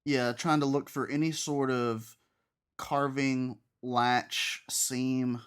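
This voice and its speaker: A man playing a tabletop game, describing his character's actions in an unhurried way. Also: mid-range voice, fairly even intonation, smooth. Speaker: player.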